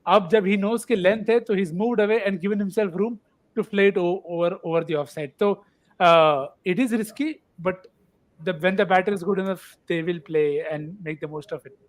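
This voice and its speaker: A man's voice: high-pitched, brisk. A man with an Indian accent chatting casually about cricket, mixing Hindi and English. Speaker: cricket panelist.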